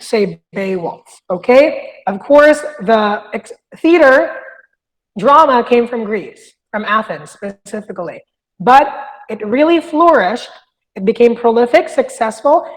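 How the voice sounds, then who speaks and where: A woman teaching a literature review lesson, explaining step by step and often checking in with "okay?". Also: fairly high pitch. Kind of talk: recorded lecture. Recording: long hall reverb.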